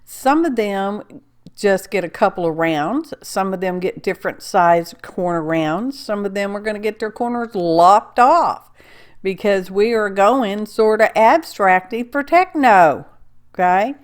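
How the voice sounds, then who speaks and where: A woman talks through a craft project in a relaxed, folksy way. She rambles and asks "okay?" as she goes, and her voice sits at an ordinary pitch for a woman. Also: a little slow. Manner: chatty, folksy and rambling, often asking "okay?". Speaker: card-making crafter. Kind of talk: casual craft tutorial.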